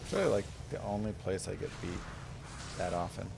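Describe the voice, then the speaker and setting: A man in his thirties casually commenting on his game for viewers, guiding them step by step in a relaxed way. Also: fairly low pitch, fairly quick, vocal fry, very noisy. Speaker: game streamer. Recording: game music playing behind. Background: game music.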